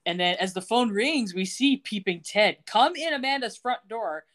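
A woman co-hosting a podcast, retelling a TV episode in casual, animated storytelling. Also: mid-range voice, normal speed. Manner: animated storytelling, acting out characters' lines. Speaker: podcast co-host.

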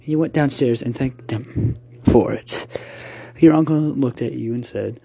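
A man's voice: medium pitch, measured pace, gravelly, warm tone, breathy edge, no echo. A man narrating a second-person horror story, rambling with restarts.

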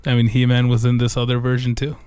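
A man's voice: medium pitch, completely flat delivery, quick pace, a little mellow, clean tone, no echo. A man co-hosting a casual podcast chat, joking and bantering. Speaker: podcast co-host.

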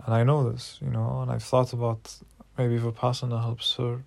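A man's voice: medium pitch, completely flat delivery, moderate pace, vocal fry, a little mellow, dry recording. A man in his twenties talking frankly and emotionally in a personal diary vlog, swearing freely when worked up. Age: 20s. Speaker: vlogger.

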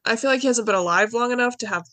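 A woman's voice: on the high side, racing, a bit bright, dry recording. A young woman co-hosting a podcast, casually retelling a story in a chatty, rambling way with lots of "like" and "anyways". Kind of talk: casual chat.

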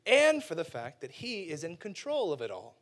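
A man preaching a lively, casual sermon, acting out characters and using slang. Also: on the high side, normal speed.

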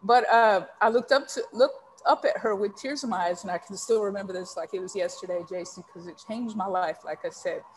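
Talking fairly quickly and barely pausing, a woman with a mid-range voice shares a personal story as a guest on a podcast, while a slight hiss or hum sits under the recording. She's a leadership coach from San Antonio, Texas, and her storytelling interview is earnest and heartfelt, thick with ums.

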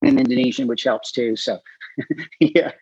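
A man, a guest author and missionary, telling stories in an interview with an animated manner and frequent fillers. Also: medium pitch, measured pace, creaky, breathy edge, no echo. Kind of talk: storytelling in an interview. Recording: dry, slightly dull recording.

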